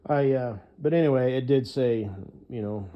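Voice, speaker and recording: At normal speed and in a mid-range voice, a man delivers a meandering monologue full of profanity and hesitant fillers. The recording has a lo-fi sound.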